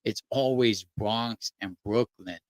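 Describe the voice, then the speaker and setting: A man's voice: on the low side, takes it slowly, dry recording. A man hosting a casual talk, laid-back and curious, with slang. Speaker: host. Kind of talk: casual conversation.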